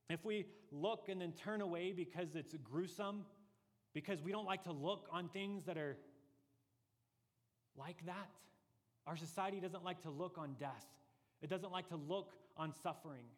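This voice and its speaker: Earnest and deliberate, this male pastor presses his points in a sermon with rising emphasis. His voice is high, and he's in a large hall.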